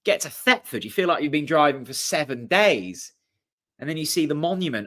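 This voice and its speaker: A man's voice: on the high side, a little fast. Chatty young man commentating live. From Norfolk, England. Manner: chatty, excitable, swears casually. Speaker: host of a fan channel watchalong. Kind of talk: casual live commentary and chat with viewers.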